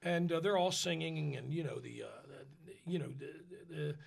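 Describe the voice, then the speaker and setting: A man, an opera singer, telling a funny backstage story in casual chat, animated and laughing as he goes. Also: on the high side, normal speed, creaky.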